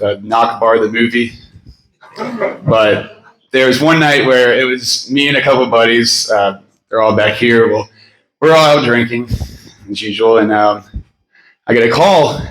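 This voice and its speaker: In a roomy-sounding space, a man in his thirties rambles through a memorial speech, sharing personal stories with fillers and laughter along the way. His voice is mid-range and a bit bright. The audio is poor, with a little hiss or hum.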